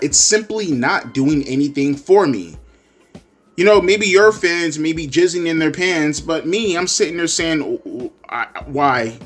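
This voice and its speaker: A man's voice: on the high side, a bit bright. A man giving crude, sarcastic, profanity-laced commentary as he reviews a wrestling show. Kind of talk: ranting commentary.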